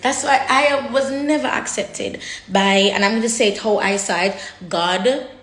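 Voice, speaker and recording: A woman's voice: on the high side, unhurried, a bit bright. A woman vlogger talking candidly to her viewers, blunt and emotional, cursing freely and often repeating herself as she searches for words. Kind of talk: candid personal talk to camera. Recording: echoey room.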